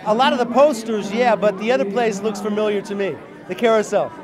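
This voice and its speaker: A man's voice: high-pitched, a little fast, rough recording. A man being interviewed as a musician, talking in a loose, rambling way with many fillers. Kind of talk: casual interview. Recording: crowd noise behind.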